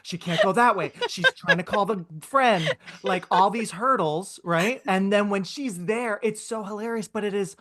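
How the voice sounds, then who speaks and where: A woman's voice: medium pitch, unhurried, hardly any pauses, fairly bright tone. A woman in her thirties co-hosting a podcast, chatting casually in a gushing, rambling way with lots of restarts. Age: 30s. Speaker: podcast co-host. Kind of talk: casual chat.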